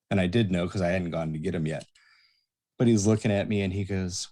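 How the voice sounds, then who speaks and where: A man with a low, dark, mellow voice tells bar stories as a podcast guest. He acts out the people in his stories with animated delivery. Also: a little fast. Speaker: guest, bouncer and bartender. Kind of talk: casual storytelling chat.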